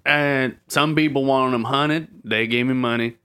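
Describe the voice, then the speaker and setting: A man's voice: mid-range voice, unhurried, smooth. A man doing a dim, blunt bounty hunter. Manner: broken simple phrasing, flat blunt delivery. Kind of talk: improvised comedy sketch.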